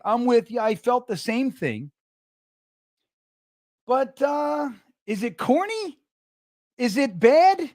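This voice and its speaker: A man's voice: very high-pitched, no echo, studio quality. A middle-aged man hosting a casual livestream show, rambling and cursing as he reads out the live chat. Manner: rambling, profane, excitable. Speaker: podcast host reading live chat.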